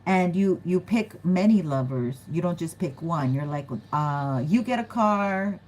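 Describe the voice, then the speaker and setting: Chatty lower-voiced woman reading tarot. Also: lively intonation, a little slow, a little mellow, slight background noise, low-quality recording. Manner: chatty, giggly, acts out quoted voices. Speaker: tarot reader. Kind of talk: casual tarot reading to viewers.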